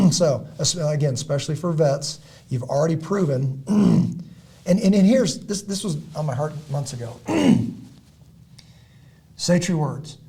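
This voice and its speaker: Husky middle-aged guy on a podcast, kinda preachy, gets loud then goes low, clears his throat a lot, mellow dark tone. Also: lively intonation, unhurried. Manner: emphatic, repetitive, builds to loud peaks then drops low. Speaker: podcast host and former Navy SEAL. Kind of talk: casual podcast talk, preachy and motivational.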